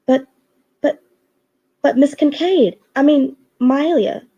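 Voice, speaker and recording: A woman reading a story aloud and voicing a young female secretary who stammers and talks high and excited. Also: a little slow, breathy edge, no room sound, dull audio, heavily acted. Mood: flustered.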